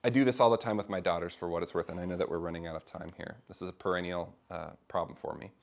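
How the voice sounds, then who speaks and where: Talking fast in a low, creaky voice, a middle-aged man leads a small faith discussion group informally. He's animated and conversational, performing the voices of those he quotes.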